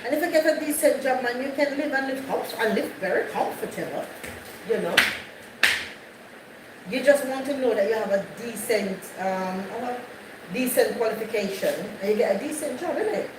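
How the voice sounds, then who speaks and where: A woman hosting a live stream, chatting with her viewers and circling back over her points. Her voice sits a bit high. It carries echo and steady background noise. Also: normal speed, distant mic. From Jamaica. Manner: chatty, repeats herself, greets viewers by name. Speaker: livestream host. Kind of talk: casual live chat with viewers. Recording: echoey, off-mic, noisy background.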